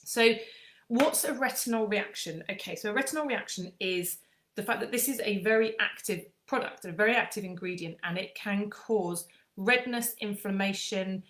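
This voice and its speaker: Woman aesthetician, chatty explainer, middle pitch, echoey room. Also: normal speed, fairly bright tone. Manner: chatty, with frequent ums and restarts. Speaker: skincare aesthetician. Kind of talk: casual skincare explainer.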